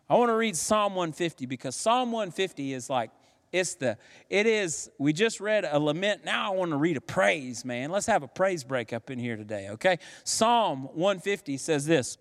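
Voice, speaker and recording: A man preaching a sermon as a pastor in a church sanctuary, emphatic, building from hushed passages to excited, punchy delivery. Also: high-pitched. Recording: long hall reverb.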